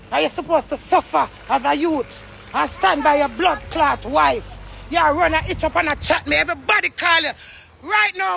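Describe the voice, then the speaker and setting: A woman's voice: sits high, creaky, sharp tone. A Jamaican woman ranting angrily on a phone livestream, heated, profane and accusing. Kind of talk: angry livestream rant.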